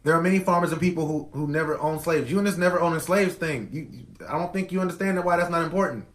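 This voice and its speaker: A man's voice: on the high side, quick pace, echoey room, rough recording. A man hosting a podcast, delivering an impassioned commentary monologue with emphatic repetition. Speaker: podcast host.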